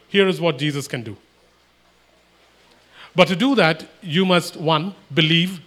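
A man's voice: a little high, a bit bright. A man preaching a sermon, emphatic and repetitive, acting out imagined everyday exchanges.

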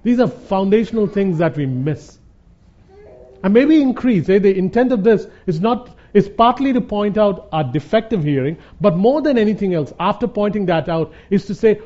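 A man with a high, mellow voice gives a conversational sermon as a Bible teacher. He is earnest, circles back to hammer home each point, and keeps calling his listeners "guys". The recording sounds dull and lo-fi. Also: big pitch swings, normal speed. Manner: earnest, repeats points for emphasis, calls the audience "guys".

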